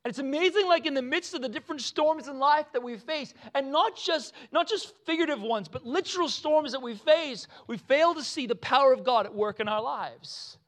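Animated preacher man. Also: very high-pitched, normal speed, hardly any pauses. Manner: animated, acts out quotes with voices, laughs often. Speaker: pastor. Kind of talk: sermon.

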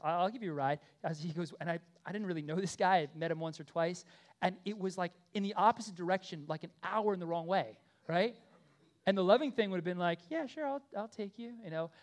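A man in his thirties preaching a sermon in an earnest, conversational way, often checking in with the congregation and swinging from loud emphatic pleas to quiet asides. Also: a little high. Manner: earnest, conversational with frequent "okay?" and "right?" check-ins. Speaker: pastor.

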